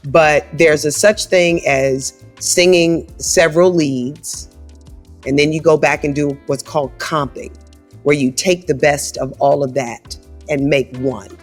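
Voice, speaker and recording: A woman's voice: low voice, unhurried, faint music behind. A woman with a big, scratchy voice, talking animatedly as a guest in a casual interview. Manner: animated, conversational, frequent "right?" asides. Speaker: guest singer. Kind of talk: casual storytelling chat.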